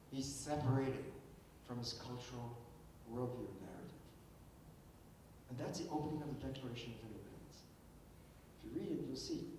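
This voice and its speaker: An older man gives an emphatic philosophical keynote lecture, often repeating words as he restarts a thought. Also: darkish tone. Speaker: keynote speaker. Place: lecture hall. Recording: echoey hall, distant mic, faint rumble.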